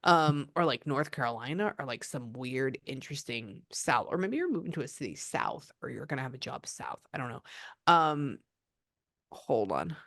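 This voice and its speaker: A woman's voice: a bass voice, sing-song, normal speed, gravelly, fairly bright tone, no room sound, studio quality. A woman psychic medium giving a client reading, chatting and often quoting the spirit's messages.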